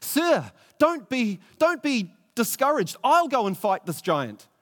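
A man voicing a fervent young shepherd, high and urgent. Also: expressive, unhurried. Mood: bold. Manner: urgent, stammering outbursts. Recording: long echoey reverb.

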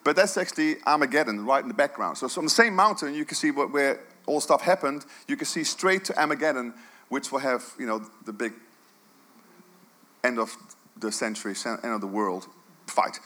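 A middle-aged man preaching a sermon, telling the story with animation and swinging from quiet, hushed lines to loud outbursts. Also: mid-range voice, fairly quick.

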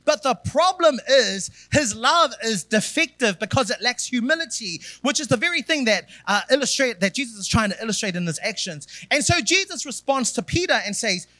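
A man's voice: very high voice, big pitch swings, moderate pace, few pauses, pushed and bright, no echo. A man preaching a sermon as pastor, building emphatic repeated phrases.

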